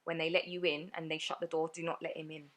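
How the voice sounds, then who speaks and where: Low-voiced woman telling her story. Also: flat delivery, fairly bright tone. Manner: earnest, rapid retelling with many fillers. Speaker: guest sharing her story. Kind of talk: personal storytelling in a podcast interview.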